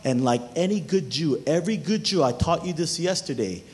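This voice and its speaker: A man preaching a sermon as pastor, animated and talking straight to his listeners, even humming tunes to make a point. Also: on the high side, brisk. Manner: animated preaching, talks to the crowd.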